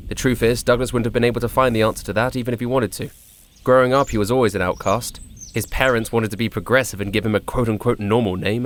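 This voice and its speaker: Male storyteller with a wry tone and a mid-range voice, narrating a game backstory. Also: medium pitch. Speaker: player narrating a character backstory.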